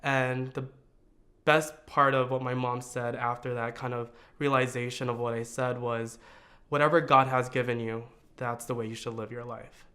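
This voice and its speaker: A man from the United States telling his own coming-out story in a reflective, earnest way, pausing on fillers and restarts. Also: medium pitch, little pitch movement, pushed and bright. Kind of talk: personal storytelling.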